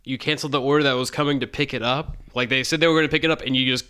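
A man co-hosting a podcast, making quick, relaxed remarks in casual chat. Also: medium pitch, clean tone.

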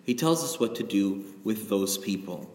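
A man's voice: lowish voice, animated, moderate pace, darkish tone. A middle-aged male pastor preaching a sermon in a conversational, confessional way, often checking in with "right?". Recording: echoey hall with long reverb.

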